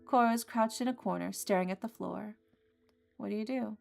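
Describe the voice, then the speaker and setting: Gravelly woman reading a game aloud. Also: mid-range voice, measured pace, pauses often, faint music behind. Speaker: gaming streamer. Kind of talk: reading a visual novel aloud.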